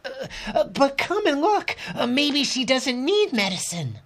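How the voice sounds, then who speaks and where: Man putting on a young girl, storybook figure, high thin voice, urgent, stammering, husky edge. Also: big pitch swings, a little slow, a bit bright, full character voice. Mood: urgent pleading. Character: anxious young girl seeking help.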